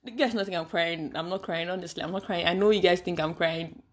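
A woman's voice: lowish voice, fairly even intonation, fast. A young woman hosts a casual solo podcast, chatty and dramatic, with frequent exclamations and self-deprecating asides. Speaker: podcast host.

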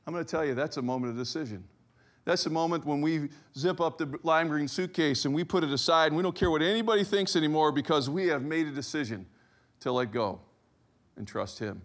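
A middle-aged man preaching a sermon, telling a personal story with lively acted-out quotes. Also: a little high, a little fast. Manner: animated storyteller, acts out quoted voices. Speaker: pastor.

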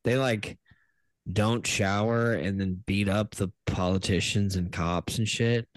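Rambling low-voiced man, laughing. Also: fairly even intonation, unhurried, no room sound. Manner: rambling, laughs often, trails off mid-sentence. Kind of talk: casual crude comedy chat.

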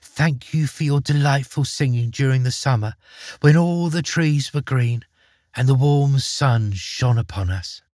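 A man voicing Thumbelina, a tiny, gentle young girl in a read-aloud storybook, speaking in a soft, tender way. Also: medium pitch, a little slow, no room sound, clean studio sound, voice pushed up, close to an everyday voice.

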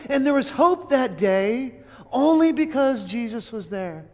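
A man's voice: extremely high pitch, expressive, a little slow. A man preaching a dramatic sermon, telling it in first person as an eyewitness, earnest, with restarts and emphatic repeats. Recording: long hall reverb.

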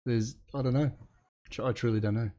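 A man's voice: mid-range voice, steady tone, fairly quick, warm tone. A man, casually chatting as a podcast co-host, laid-back and hesitant. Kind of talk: casual chat.

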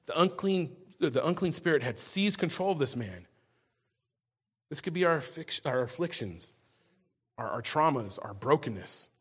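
A male pastor delivers a sermon in a fairly high, husky voice. He talks in a loose, conversational way, circling back and repeating words as he works through his thoughts. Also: animated, normal speed. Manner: conversational preaching, frequent restarts and repeated words.

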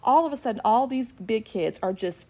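A middle-aged woman co-hosting a podcast, chatting and telling lively family stories about her kids in an animated way. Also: fairly high pitch, moderate pace. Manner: animated, acts out her kids' voices when retelling. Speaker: podcast co-host and ministry worker. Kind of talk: casual chat with storytelling.

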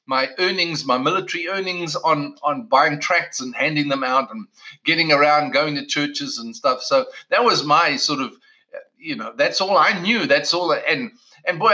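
A man's voice: on the high side, sharp tone, rough recording. A middle-aged man from South Africa, a pastor telling his own story in a conversational way, with many restarts. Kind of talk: personal testimony talk.

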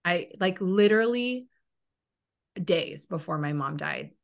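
Brief: young woman host, low voice, earnest and emotional, filler-heavy chat. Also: animated, slow. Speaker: podcast host. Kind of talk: heartfelt conversational interview.

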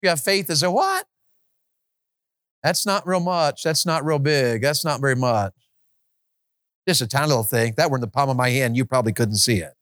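Male preacher, lively sermon delivery, rhetorical questions, dry recording. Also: moderate pace, long pauses, dry recording. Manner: animated, swings from loud high exclamations to low quiet stretches.

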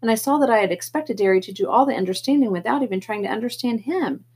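A woman reading a novel aloud in first person, steady and plain, with the odd slip. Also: a little high, quick pace, slightly rough. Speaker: audiobook reader.

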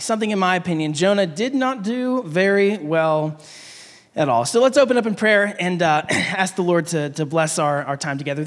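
A man's voice: high voice, expressive, fairly quick, fairly bright tone, in a large hall. A man preaching a sermon and reading scripture aloud, often stumbling and repeating words as he goes. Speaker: pastor. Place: church hall.

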